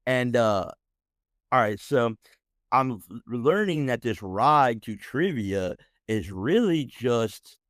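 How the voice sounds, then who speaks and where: A man's voice: medium pitch, expressive, takes it slowly, fairly bright tone, no room sound, clean studio sound. A man in his thirties with an American accent, hosting a podcast and telling a personal story in a casual, profane, slang-heavy ramble with mocking outbursts. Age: 30s. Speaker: podcast host.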